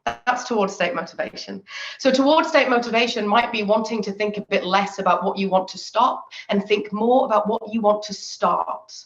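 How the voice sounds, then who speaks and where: A woman, giving a chatty, lively online workshop talk on confidence and laughing often. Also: medium pitch, normal speed. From England. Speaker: confidence trainer. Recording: echoey, dull lo-fi audio.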